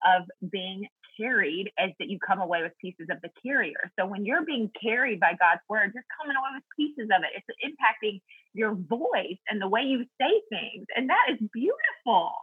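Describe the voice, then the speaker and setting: A woman's voice: medium pitch, big pitch swings, moderate pace, breathy edge, no room sound, phone-quality sound. A woman guest talking earnestly and thoughtfully about Bible study in a casual faith chat, laughing easily.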